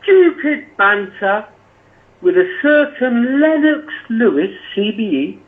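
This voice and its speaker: A man's voice: very high-pitched, very animated, slow. Brash male caller on phone line. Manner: brash, cheeky banter.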